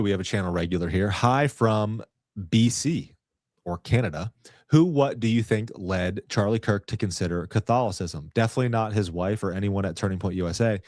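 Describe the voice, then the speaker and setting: Very low-voiced laid-back male host. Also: no room sound, studio quality. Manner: relaxed, agreeable, frequent fillers. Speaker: show host. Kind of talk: casual podcast chat.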